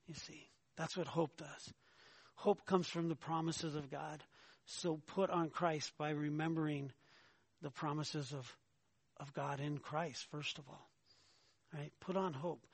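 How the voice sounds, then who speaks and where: A man preaching a sermon, emphatic, often asking his listeners "right?" and rising in pitch when he argues a point. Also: vocal fry, husky, no room sound. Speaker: pastor.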